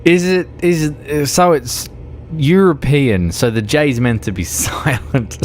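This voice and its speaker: A man's voice: medium pitch, takes it slowly, a little mellow, a little hiss or hum. A drunk man with an Australian accent, streaming a driving game and chatting in a rambling, sweary way, laughing often. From Melbourne, Australia. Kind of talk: casual chat while playing a driving game.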